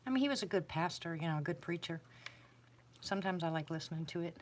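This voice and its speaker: Woman, low voice, livestream host, rambling self-deprecating chat. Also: lively intonation, quick pace, slight background noise. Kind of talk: casual chat with viewers. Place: sitting on a floor indoors.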